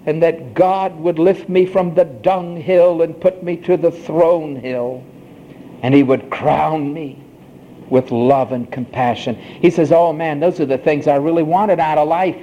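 A man preaching a sermon, emphatic, with a swooping preacher's cadence and slow, drawn-out phrases. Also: a little high, dark tone, muffled recording, a little hiss or hum.

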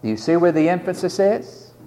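Male preacher, high and lively pitch, emphatic delivery, long hall reverb. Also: brisk, a little hiss or hum. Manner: emphatic, dramatic preaching that acts out quoted voices. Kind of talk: sermon.

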